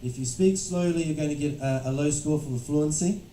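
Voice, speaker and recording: A man teaching a classroom of test-prep students, explaining clearly and checking in with the class as he goes. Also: fairly high pitch, brisk, dark tone, a little hiss or hum. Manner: instructive, repeats "right?" to check understanding. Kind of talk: classroom lecture. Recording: roomy classroom from a distance.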